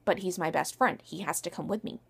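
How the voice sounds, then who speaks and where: A woman's voice: on the low side, fairly quick, creaky, slightly rough, voice pushed down, heavily acted. A woman voicing a small, stubborn boy who clings to his blanket, in a whiny, pleading child's voice.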